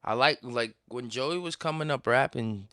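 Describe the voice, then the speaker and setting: A young man, hosting a casual podcast and telling stories in an animated, slangy way full of swearing. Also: mid-range voice, normal speed, clear, resonant tone, dry recording, clean studio sound. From Puerto Rican, raised in New York. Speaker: podcast host.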